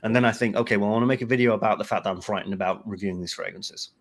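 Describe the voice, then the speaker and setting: A man's voice: lowish voice, fairly even intonation, very fast. A man hosting a casual livestream, rambling through a story and quoting his own thoughts. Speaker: host, fragrance reviewer.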